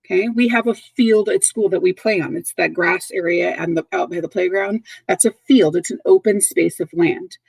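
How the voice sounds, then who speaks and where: Woman teacher doing a kids vocab video, gravelly and a bit husky, dry close sound. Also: on the low side, normal speed, hardly any pauses, darkish tone, dry recording, low-quality recording. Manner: patient, repeats words and checks in with okay. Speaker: third grade teacher. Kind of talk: recorded vocabulary lesson for kids.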